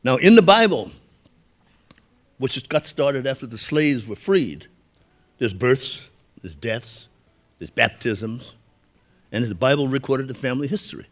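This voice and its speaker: An older man from Brooklyn delivers a keynote as a relaxed, anecdotal storyteller. He speaks at a mid-range pitch in a folksy way and chuckles along with the crowd. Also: a little slow, long pauses. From Brooklyn, New York. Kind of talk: storytelling speech.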